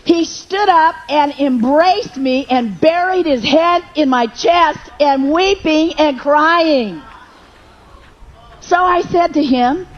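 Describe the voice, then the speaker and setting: A woman's voice: high-pitched, slow pace, lo-fi sound. A woman preacher telling a personal testimony in a sermon, with emotional storytelling that rises into fervent prayer.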